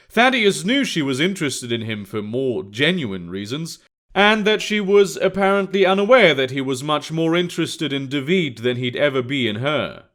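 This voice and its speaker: A man narrating an alternate-history story in a steady, matter-of-fact reading. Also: a little high.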